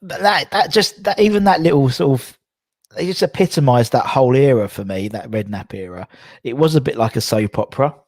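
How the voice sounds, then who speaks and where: A man's voice: mid-range voice, animated, a little fast, a little mellow, no echo, clean studio sound. A man hosting a casual interview, talking conversationally and often saying "obviously". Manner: conversational, many fillers like "obviously". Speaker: podcast host. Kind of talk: casual chat.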